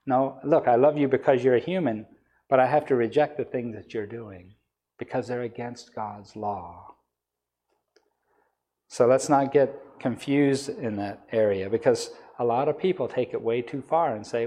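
A man's voice: medium pitch, normal speed, dark tone. Earnest man preaching a sermon. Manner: earnest, building to emphatic peaks on key words.

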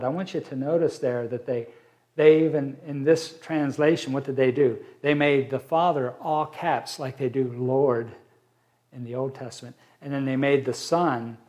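A man teaching a Bible study, reading verses aloud and explaining them slowly with fillers. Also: medium pitch, a little mellow.

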